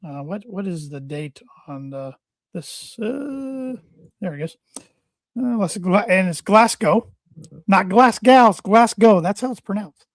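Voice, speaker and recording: A man co-hosting a casual wrestling podcast, talking in a halting way and often repeating his words. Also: high voice, lively intonation, no echo, clean studio sound. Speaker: podcast co-host.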